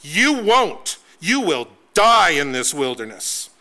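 A man's voice: on the high side, very animated, slow pace, bright, forceful tone, heavily acted. A man voicing an angry God pronouncing judgment on his people, with emphatic repetition. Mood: stern.

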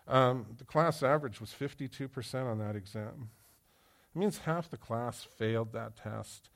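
Animated man preaching a sermon. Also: medium pitch, moderate pace. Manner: animated storyteller who quizzes the congregation. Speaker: pastor. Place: church hall with live audience.

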